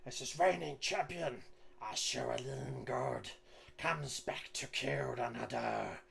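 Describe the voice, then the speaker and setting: A man voicing a boastful male goblin arena announcer who shouts in broken grammar. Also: mid-range voice, slow pace, creaky, heavily acted. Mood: bellowing.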